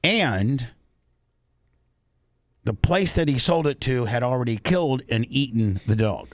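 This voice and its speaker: Male talk-show host, mid-pitched, chatty storyteller who stumbles and repeats, close dry studio sound. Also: lively intonation, a little slow, dry recording. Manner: retelling a news story with frequent repeats and restarts. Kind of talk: casual talk-show chat.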